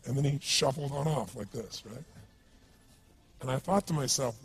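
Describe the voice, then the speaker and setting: A man's voice: medium pitch, normal speed. A man giving an emphatic seminar talk, telling stories and quizzing his audience. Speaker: motivational speaker.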